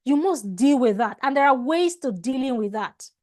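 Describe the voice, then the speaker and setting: Over a video call, a woman with a high, darkish-toned voice teaches a customer service class as an online training lecture. She speaks emphatically at normal speed with lively intonation, repeating and restarting phrases and often stopping to ask "All right?".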